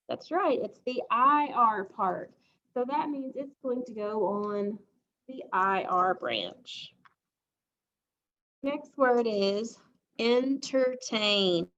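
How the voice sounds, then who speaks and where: Woman teacher, phonics lesson, slow and patient delivery, fairly high voice, dull lo-fi sound. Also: a bit bright. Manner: slow, patient, asks the class questions.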